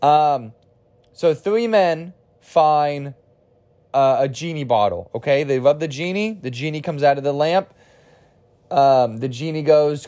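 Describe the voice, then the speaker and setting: A man's voice: on the high side, a little slow, warm tone. A man in his twenties, tired and losing his voice, telling a joke in a rambling, self-deprecating podcast monologue with frequent restarts and casual swearing. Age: 20s. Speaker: podcast host.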